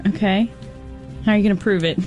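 A woman's voice: mid-range voice, fast talker, darkish tone, lo-fi sound, faint music behind. Upbeat female radio co-host. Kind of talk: casual radio banter.

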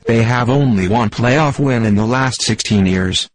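A synthetic male text-to-speech voice playing a stiff, deadpan sports computer that reads jokes in stilted, formal phrasing for a radio comedy bit. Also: mid-range voice, a little slow, dry recording, lightly acted.

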